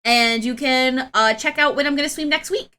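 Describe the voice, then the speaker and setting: Woman streamer, high voice, excitable and rambling, quick to laugh and shriek. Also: clear, resonant tone. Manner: rambling, with many restarts. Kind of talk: casual live-stream chat.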